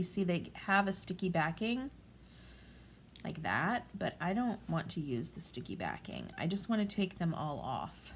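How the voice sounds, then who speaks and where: A woman in her forties talking through a craft tutorial at home in a gentle, calm, chatty way. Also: fairly low pitch, gravelly, a little hiss or hum. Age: 40s. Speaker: craft vlogger.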